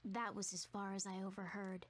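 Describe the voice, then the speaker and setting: A woman narrating a video game in a soft, hushed, fearful storytelling manner, voicing a timid young female narrator. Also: mid-range voice, level tone, moderate pace, lightly acted.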